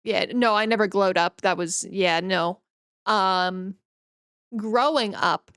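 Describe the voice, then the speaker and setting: Slow, unhurried woman streamer chatting. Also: medium pitch, a bit bright, clean tone, no room sound, studio quality. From northern Canada. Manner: rambling, easygoing, reads and answers chat. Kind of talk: casual chat with viewers.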